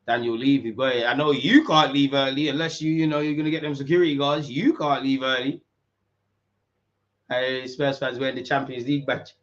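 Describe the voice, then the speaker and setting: A young man, commentating a football match live with street-slang banter and sudden shouts. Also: mid-range voice, brisk, muffled recording. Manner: banter-heavy, mocking rival fans in street slang, bursts into shouts at big moments. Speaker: football watch-along streamer.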